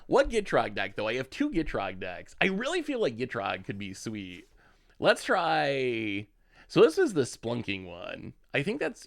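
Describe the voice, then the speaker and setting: Lively man commenting on a card game. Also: fairly high pitch. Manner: thinks aloud, chats with viewers. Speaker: streamer playing a card game.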